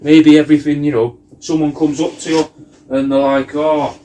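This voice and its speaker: Rambling, sweary comic, higher voice. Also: male voice, flat delivery, normal speed, dark tone, slight background noise. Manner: sweary, rambling, absurd tangents, slangy. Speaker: comedian recording a personalised video message.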